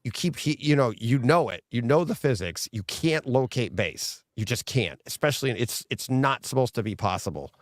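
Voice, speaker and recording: A man co-hosting a podcast in casual chat, talking in a rambling, excitable way with many restarts. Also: medium pitch, normal speed, hardly any pauses, no room sound, clean studio sound. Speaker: podcast co-host.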